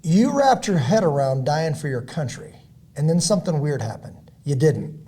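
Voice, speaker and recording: A middle-aged man with a dark, husky voice talks on a podcast in a preachy, motivational way. He hammers his points by repeating them, swings from loud bursts to low, quiet endings, and keeps clearing his throat. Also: expressive, normal speed. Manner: emphatic, repetitive, builds to loud peaks then drops low. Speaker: podcast host and former Navy SEAL.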